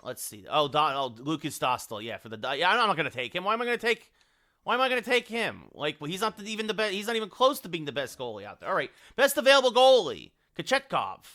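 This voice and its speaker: A man's voice: high-pitched, sing-song, fast talker, pushed and bright. A man streaming a hockey game late at night, rambling and thinking aloud as he scrolls through players and chats with his viewers. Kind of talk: live game-stream commentary.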